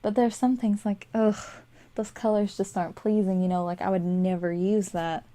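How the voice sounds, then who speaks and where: A game building vlogger, this chatty young woman has a mellow, medium-pitched voice with a level tone and normal speed. Sleepy and yawning, she rambles through casual voice-over while building, with frequent fillers and little laughs, on a desk microphone.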